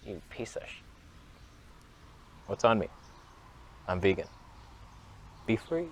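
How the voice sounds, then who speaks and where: A man's voice: lowish voice, sing-song, slow, slight background noise. A young man talking to camera in a rambling, earnest, half-joking confessional monologue, filming his own vlog. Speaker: vlogger.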